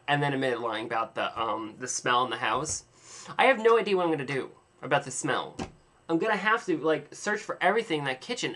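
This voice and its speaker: A man's voice: medium pitch, pushed and bright, a little hiss or hum. A young man rambling in a casual video diary, telling an exaggerated, dramatic story with playful self-mockery. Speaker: vlogger.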